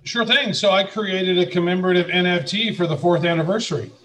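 A man's voice: high-pitched, brisk, a bit bright, rough recording. A man co-hosting a podcast, explaining things in casual chat. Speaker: podcast co-host.

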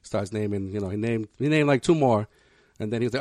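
Dude rattling off a story quick, dry close mic, keeps cracking up. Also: male voice, fairly low pitch, darkish tone, dry recording. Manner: rambling storyteller, quick with laughs. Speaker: podcast co-host. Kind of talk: casual chat.

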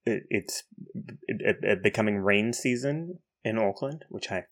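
A man from New Zealand with a New Zealand accent, co-hosting a podcast in blunt, profane casual chat with halting restarts. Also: fairly low pitch, animated. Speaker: podcast co-host.

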